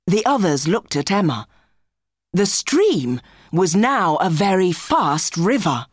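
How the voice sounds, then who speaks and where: Slow, careful woman storyteller. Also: fairly low pitch, big pitch swings, husky, no echo, clean studio sound. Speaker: narrator. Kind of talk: graded-reader storybook narration.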